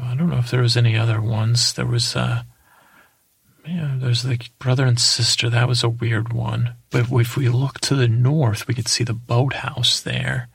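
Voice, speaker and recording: Gravelly, droning man rambling as a guide. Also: mid-range voice, fairly bright tone, dry recording. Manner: rambling, hesitant, drifting off topic; dull, lulling delivery. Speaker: comedian playing a tour guide. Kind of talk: improvised comedic monologue.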